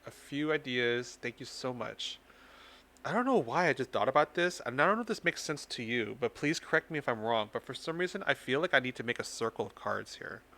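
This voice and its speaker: A man's voice: mid-range voice, lively intonation, pushed and bright. Playful man hosting a tarot live stream. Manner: playful, teasing, quick asides to viewers. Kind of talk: casual live-stream chat.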